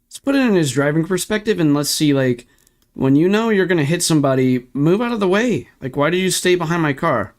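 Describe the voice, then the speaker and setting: A man's voice: a little high, expressive, fairly quick. A young man streaming sim racing, ranting in frustration and swearing while walking through replay footage. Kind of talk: ranting livestream commentary.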